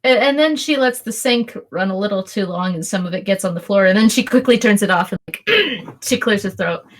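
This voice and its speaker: A woman narrating a tabletop role-play game as game master, speaking in a chatty, halting way and often breaking into laughter. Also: medium pitch, lively intonation, a little hiss or hum.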